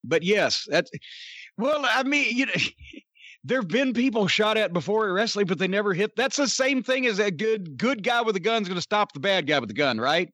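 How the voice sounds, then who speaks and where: A man with a rather high voice tells old stories in a loose, rambling way, full of fillers and curse words. The recording is close and dry, with no room sound. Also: expressive, normal speed, a bit bright, dry recording. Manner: rambling and profane, many fillers. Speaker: podcast co-host and wrestling storyteller. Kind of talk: casual chat.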